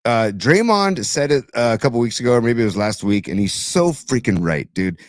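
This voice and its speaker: A man co-hosting a podcast, talking sports in an excited, rambling way. He keeps saying "dude" and jumps from thought to thought. His voice is mid-pitched and dry, right up on the mic. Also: fairly quick, dry recording. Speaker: podcast co-host. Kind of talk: casual sports chat.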